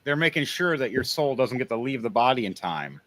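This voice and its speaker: A man's voice: medium pitch, sing-song, a little fast, fairly bright tone. Blunt, crude male podcast host. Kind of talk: casual opinionated chat.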